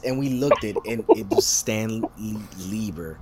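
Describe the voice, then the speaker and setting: A man casually telling a story, swearing often, laughing and jumping into high voices to quote people. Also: animated, measured pace, crowd noise.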